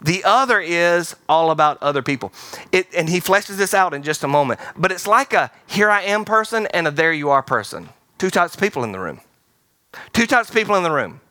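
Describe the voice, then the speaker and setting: A male pastor preaching with a bright, forceful voice that sits a little high. He is animated and playful, slipping into quoted voices and laughing as he goes. The sound is close and dry. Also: a little fast, no room sound. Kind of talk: sermon. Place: large theater-style church hall.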